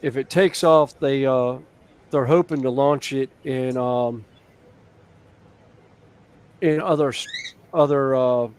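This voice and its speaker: A man's voice: medium pitch, steady tone, slow, pauses often, a little mellow, smooth. A man chatting casually as a live stream host, telling rambling stories full of fillers and restarts. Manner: rambling, filler-heavy storytelling. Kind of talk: casual chat.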